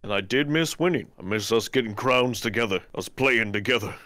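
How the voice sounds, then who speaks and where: Bright-toned man in comedy role-play. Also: on the low side, brisk, dry recording. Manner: earnest, then ranting when frustrated. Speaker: player acting as the narrator.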